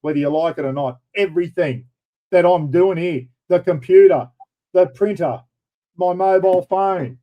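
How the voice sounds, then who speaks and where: A middle-aged man with a broad Australian accent, hosting a relaxed, rambling chat. His voice sits a bit on the high side for a man. He keeps dropping in blokey slang as he talks. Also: normal speed, lo-fi sound. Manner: blokey, rambling, says "mate" and "bloody" often. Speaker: livestream host. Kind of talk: casual chat.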